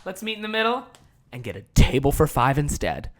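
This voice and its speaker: A man hosting a casual podcast, venting about work in a profane, fired-up rant. He swings from loud, angry bursts to quiet, muttered asides, and breaks off now and then to laugh at himself. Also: on the high side, huge pitch swings, brisk, a little hiss or hum. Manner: profane, heated storytelling with big swings in loudness; self-deprecating, laughs at himself. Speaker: podcast host. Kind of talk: casual ranting monologue.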